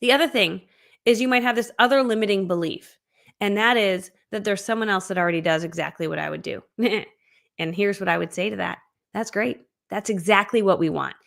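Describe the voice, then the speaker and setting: A woman hosting a live-streamed online business training, talking in an energetic, amped-up, chatty way and laughing often. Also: medium pitch, a little fast, gravelly.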